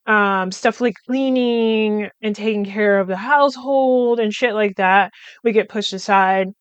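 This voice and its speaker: A young woman chats through a loose, rambling update, dropping fillers as she goes. Her voice is smooth and clear, recorded dry with no room sound. She talks slowly, and the sound is a little dull. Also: medium pitch, no room sound. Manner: rambling, chatty, with frequent fillers and laughs. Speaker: podcast host. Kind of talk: casual vlog update. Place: room at home.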